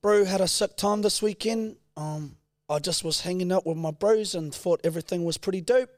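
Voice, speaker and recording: A woman's voice: fairly low pitch, normal speed, darkish tone, no room sound, studio quality, natural voice. A woman putting on a mocking, laid-back young Kiwi bro voice with an exaggerated New Zealand accent. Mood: teasing.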